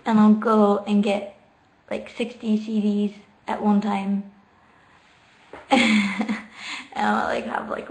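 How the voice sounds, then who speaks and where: A woman's voice: mid-range voice, gravelly, darkish tone. A woman in a casual late-night livestream from home, talking into her laptop while sitting on the floor, chatty and giggly as she reads out viewer questions and answers them. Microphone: laptop microphone.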